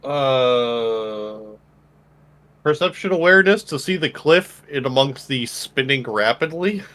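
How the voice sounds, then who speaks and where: Brief: hesitant male player, halting speech with many pauses. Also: medium pitch, animated, a bit bright. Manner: hesitant, full of ums and uhs. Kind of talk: tabletop game play.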